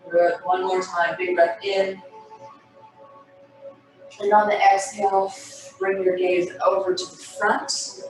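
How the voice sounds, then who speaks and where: A woman instructor guiding a stretching class over a video call, with soothing, breathy cues and sighs. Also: mid-range voice, flat delivery, slow, pauses often, a little mellow, recorded from a distance. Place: home room on a video call. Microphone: laptop mic on a video call. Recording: echoey room, off-mic, music behind. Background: background music.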